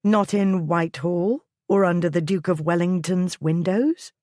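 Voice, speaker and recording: A woman's voice: lowish voice, steady tone, measured pace, darkish tone, dry recording, clean studio sound, natural voice. A woman voicing a bold, headstrong young lady who speaks eagerly and with determination.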